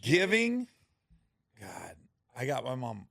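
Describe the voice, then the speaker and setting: A middle-aged man with a gravelly, creaky voice tells stories in relaxed conversation and slips into the voices of the people he quotes. The sound is dry and close, with no room around it. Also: slow, no room sound. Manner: storytelling, acts out quotes with rising pitch and laughter. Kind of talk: casual chat.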